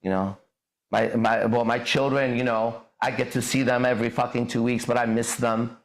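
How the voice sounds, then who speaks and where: A man mocking a whiny divorced father, halting. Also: mid-range voice, flat delivery, close to an everyday voice. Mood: mocking whine. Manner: mocking, halting, self-pitying. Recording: echoey room.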